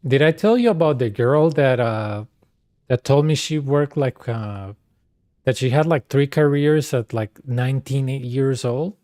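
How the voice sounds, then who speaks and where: Chatting casually while streaming a game, a man tells rambling stories packed with slang and filler words. His voice is medium-pitched, warm, and a little slow, with no echo.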